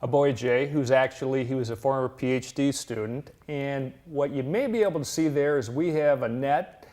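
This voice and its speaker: A man who is a university fish physiologist, explaining his work plainly and at a measured pace in an interview, with many fillers. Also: mid-range voice, a little mellow.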